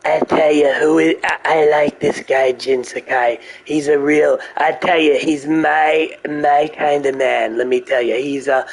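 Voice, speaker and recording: A man's voice: a little high, fairly even intonation, a little slow, hardly any pauses, rough recording. A man doing a rambling, boastful old politician. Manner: rambling, repeats "let me tell you". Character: boastful older male politician, rambling and self-praising.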